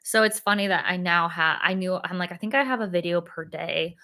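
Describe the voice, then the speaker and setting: At a brisk pace, a young woman chats excitedly on a live stream she hosts herself. Her casual talk is loaded with fillers and laughs, with high squeals popping out suddenly.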